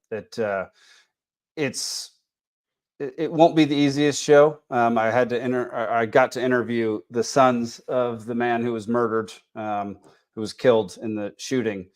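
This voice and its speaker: A man with a Texas accent hosting a casual podcast, tired and rambling with many fillers and restarts. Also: mid-range voice. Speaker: podcast host.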